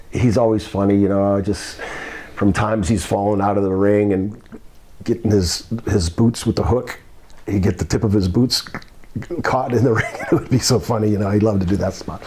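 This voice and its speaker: A man's voice: lowish voice, creaky, mellow, slightly rough. An older man, a former wrestler, telling rambling anecdotes with laughter in a shoot interview. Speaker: guest, former pro wrestler.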